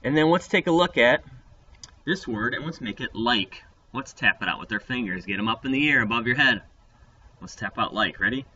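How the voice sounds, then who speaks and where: A man teaches a phonics lesson to young children, playful and upbeat, his voice lively and bright with a slightly low pitch. He sounds somewhat away from the mic, and the recording is dull and lo-fi with a faint hiss behind it. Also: moderate pace, breathy edge, recorded from a distance.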